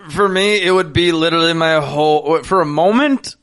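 A man in his twenties hosting a casual podcast, telling stories in a profane, animated way. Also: a little high, normal speed. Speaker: podcast host. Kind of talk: casual chat.

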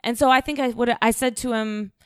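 A woman's voice: fairly high pitch, steady tone, a little fast, a bit bright, smooth, no room sound, studio quality. A young woman co-hosting a podcast, telling a story in casual chat with blunt, profane language and lots of quoted dialogue. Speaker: podcast co-host.

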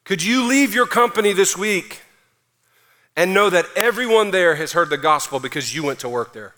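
A man pastor preaching a sermon, emphatic and energetic, mixing in casual slang. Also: high voice, moderate pace.

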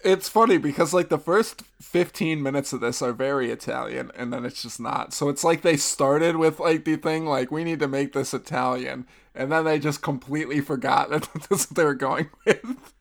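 A man with a gravelly, creaky voice co-hosts a casual podcast. He jokes around and laughs often. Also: a little high, moderate pace. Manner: laughing, joking. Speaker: podcast co-host. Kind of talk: casual chat.

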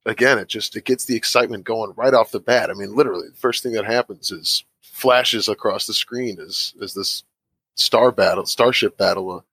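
Lowish man sharing precise details. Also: normal speed, a bit bright, breathy edge, dry recording. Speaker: podcast guest. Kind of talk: casual chat.

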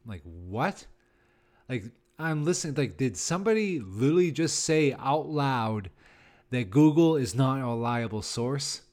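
A man's voice: mid-range voice, measured pace. A man in his thirties, a comedian hosting a podcast, ranting in a casual, rambling, sarcastic way. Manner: rambling and sarcastic, with many fillers and laughs. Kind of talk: casual solo podcast rant.

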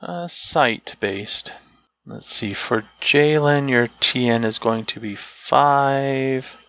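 A man runs a tabletop game as game master, pausing now and then to search aloud for the right word. His voice is gravelly but bright, and he speaks slowly. The recording sounds dry and slightly dull, like a lo-fi mic. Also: medium pitch, no room sound. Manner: unhurried, searches for words aloud.

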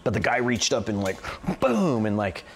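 A man's voice: lowish voice, sing-song, moderate pace, a little hiss or hum. A man in his forties answering interview questions, telling long stories loosely and filling them with "like" and "you know.". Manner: rambling, peppered with "like" and "you know". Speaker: interview guest. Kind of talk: casual interview storytelling.

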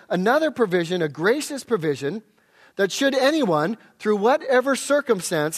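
A man preaching an expository sermon, explaining scripture and reading passages aloud. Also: sits high. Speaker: pastor.

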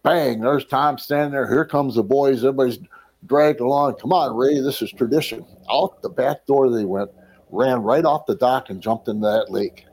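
A middle-aged man from Wisconsin gives a personal testimony, retelling his life in a storyteller's flow. His voice is mellow and warm, at an ordinary pitch for a man. He slips into the voices of the people he quotes and clears his throat now and then. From Wisconsin, USA. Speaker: ministry leader telling his life story.

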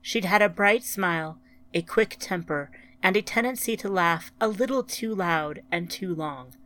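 Slow somber woman narrator. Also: fairly low pitch, fairly bright tone. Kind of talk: storytelling narration.

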